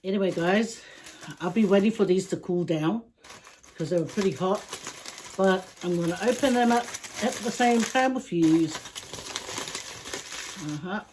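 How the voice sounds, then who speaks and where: A woman vlogging a mukbang at home, chatting casually to her viewers in an unhurried way, with small laughs and sighs. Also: fairly low pitch, a little mellow, a little hiss or hum. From Samoa. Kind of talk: casual chat to camera.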